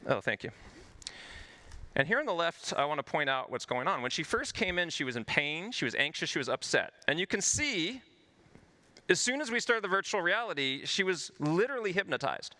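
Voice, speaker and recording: Man, doctor presenting at a conference, lively swinging pitch, very bright tone, earnest and explanatory. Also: a little fast. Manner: earnest, explanatory, narrates patient stories. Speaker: physician giving a conference talk. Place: stage at a health conference.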